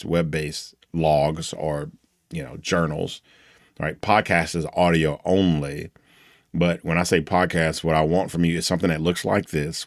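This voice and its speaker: A man's voice: low voice, no room sound, studio quality. A man teaching an online class, talking in a loose, motivational way with many restarts.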